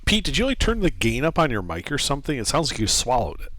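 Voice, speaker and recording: A man running a tabletop game online, talking casually in an expressive, sometimes halting way. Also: medium pitch, background noise. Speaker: game master. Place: home, online voice call.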